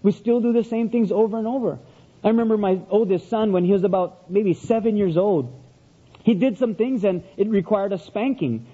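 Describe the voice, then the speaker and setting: Husky high-voiced preacher, dull recording. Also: male voice, moderate pace, warm tone. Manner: conversational storytelling preacher, repeats key phrases. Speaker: pastor. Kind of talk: sermon.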